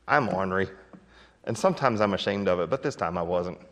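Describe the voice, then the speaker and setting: A man preaching a sermon as a pastor, telling folksy stories with chuckles and emphatic swings in loudness. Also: low-pitched, expressive, moderate pace, long reverb tail.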